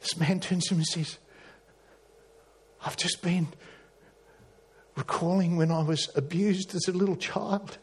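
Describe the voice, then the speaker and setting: Husky preacher man telling a story. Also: high-pitched, fairly even intonation, measured pace, pauses often. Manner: storytelling, rising to emphatic peaks and dropping to hushed tones. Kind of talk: sermon.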